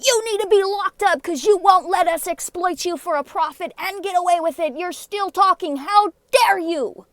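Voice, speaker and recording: A woman's voice: very high-pitched, moderate pace, hardly any pauses, fairly bright tone, dry recording, pitched above the performer's own voice. A woman putting on the voice of a self-righteous accuser, mocking it with exaggerated outrage.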